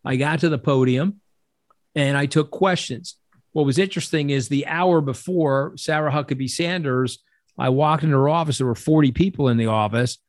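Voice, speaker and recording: A man's voice: a little high, moderate pace, no echo, studio quality. A middle-aged man telling stories as an interview guest, blunt and profane, acting out the voices of people he quotes. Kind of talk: casual interview storytelling.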